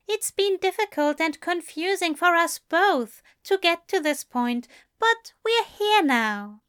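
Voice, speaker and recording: Aziraphale, a woman voicing a fond, high-voiced male angel. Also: a bit bright, exaggerated voice. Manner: high, emphatic and affectionate, drawn-out words. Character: fond, gentle male angel, scolding tenderly.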